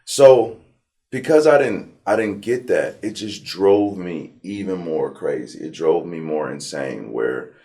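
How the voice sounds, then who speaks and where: A man from Compton, telling his life story in a relaxed, slangy interview. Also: deep voice, a little slow. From Compton, California. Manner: animated storyteller, slangy, acts out his past self. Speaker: interview guest.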